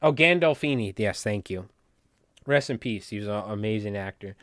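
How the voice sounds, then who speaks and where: A man from New York with a New York accent, hosting a casual livestream and rambling through jokes without a pause. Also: on the low side, lively intonation, fairly bright tone, no room sound, clean studio sound. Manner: rambling, joking, talks nonstop. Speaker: livestream host.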